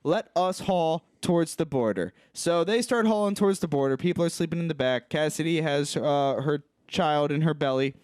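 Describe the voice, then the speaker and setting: A man's voice: on the high side, normal speed, few pauses, clean tone, no room sound, clean studio sound. Man recapping a movie with mocking voices. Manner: animated retelling, mocking voices for characters. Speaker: podcast co-host. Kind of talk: casual comedic movie recap.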